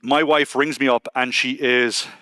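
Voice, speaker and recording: A man's voice: mid-range voice, unhurried, clear, resonant tone, no echo. An Irish man speaking at a conference, telling a personal story in a chatty, conversational way and quoting people as he goes. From Ireland. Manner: conversational, quotes people in lively asides. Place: conference hall stage.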